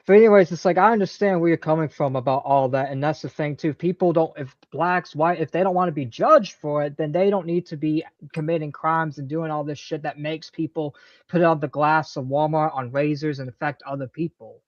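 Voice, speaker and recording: A man's voice: fairly high pitch, steady tone, brisk, no room sound. Rambling man on a muffled mic. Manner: agreeable, rambling with restarts. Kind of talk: casual live-stream chat.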